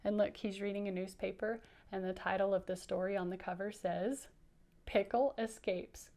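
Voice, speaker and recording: A woman's voice: mid-range voice, level tone, a little fast, warm tone. A woman teacher giving a playful, coaxing read-aloud for children, inviting them to repeat lines after her. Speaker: teacher reading aloud to kids.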